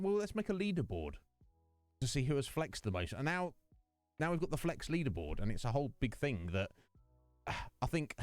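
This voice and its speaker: A man's voice: medium pitch, darkish tone, dry recording. A man hosting his game live stream, chatting in a rambling way and laughing often. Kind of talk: casual live-stream chat.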